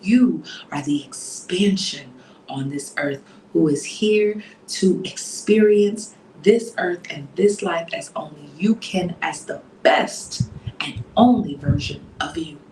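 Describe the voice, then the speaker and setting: Coach type, woman with a hint of Southern, low-ish and unhurried, soothing, drifting into breathy whispers, echoey room. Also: darkish tone, slight background noise. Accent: slight Southern US at times. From New Jersey. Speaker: motivational coach. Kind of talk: soft-spoken motivational talk.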